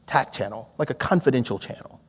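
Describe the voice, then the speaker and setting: A man preaching a storytelling sermon, drawing on his time as a police negotiator and acting out the dialogue with lively energy. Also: mid-range voice, fast talker, husky, long reverb tail. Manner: animated, acts out quoted dialogue with laughs.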